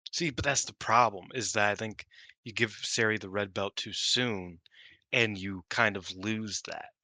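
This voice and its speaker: A man's voice: lowish voice, a little slow, pushed and bright, no room sound. A man co-hosting a podcast, chatting casually and rambling with lots of fillers and the odd swear word. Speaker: podcast co-host. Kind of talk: casual chat.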